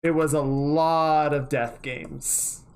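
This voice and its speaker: Livestreamer, casual chat, rambling, chatty, mid pitch, offhand swearing. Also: fairly even intonation, slow, darkish tone, clear, resonant tone. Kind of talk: casual chat while working on stream.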